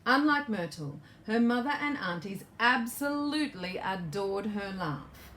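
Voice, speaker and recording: A woman's voice: mid-range voice, expressive, unhurried, fairly bright tone. A woman author reading her children's storybook aloud in a playful way and asking the young listeners questions.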